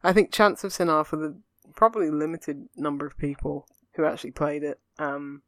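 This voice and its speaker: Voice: medium pitch, steady tone, a little fast, fairly bright tone, no room sound. A young adult, a podcast co-host in casual chat who rambles earnestly through fillers and restarts. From England.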